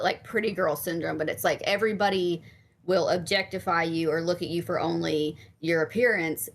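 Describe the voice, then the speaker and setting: Picture a woman guest on a laid-back podcast interview, a therapist and life coach. She talks openly and candidly, swears now and then, and leans on plenty of fillers as she explains her ideas. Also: on the low side. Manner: frank and candid, casual swearing, many fillers.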